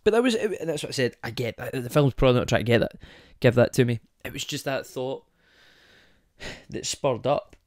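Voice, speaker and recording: A man hosting his own podcast, thinking out loud in a casual monologue. His pitch sits in an ordinary middle range, and he keeps drifting into tangents and stopping to ask listeners whether they follow him. The close mic gives a dry sound with no room echo. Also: big pitch swings, brisk. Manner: rambling, goes off on tangents, asks rhetorical questions. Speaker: podcast host.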